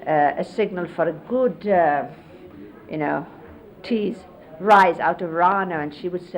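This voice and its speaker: A woman's voice: on the low side, measured pace. A middle-aged woman reminiscing in a casual storytelling way and explaining hand gestures, with frequent fillers, heard on dull 1970s videotape audio with faint hiss. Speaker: disciple recalling a spiritual teacher.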